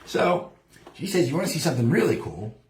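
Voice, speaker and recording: A man's voice: fairly high pitch, fairly quick, a little hiss or hum. A man hosting a live show, rambling through a story in casual, profane talk and acting out what people said. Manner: heavy swearing, lively storytelling, acts out quotes. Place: home studio. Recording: roomy echo.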